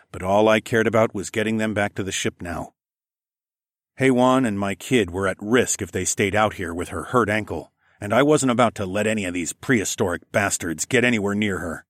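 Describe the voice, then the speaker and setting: A man's voice: fairly low pitch, dry recording, clean studio sound. A man narrating a first-person story in a gritty, profane storytelling manner. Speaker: audiobook narrator.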